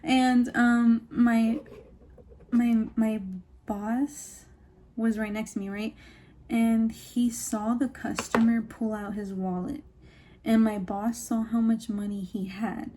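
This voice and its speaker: Young woman vlogger, higher-pitched warm voice, casual storytime rant, salty and animated. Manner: chatty, swears freely, lots of "like"; animated retelling, acts out quotes. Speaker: beauty vlogger. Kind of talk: get-ready-with-me storytime chat.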